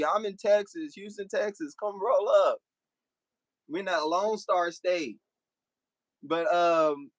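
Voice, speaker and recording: Young guy on a livestream clapping back at chat, kinda high voice, super dry close sound. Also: no echo. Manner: talks back to chat, animated and blunt. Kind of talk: casual livestream talk to commenters.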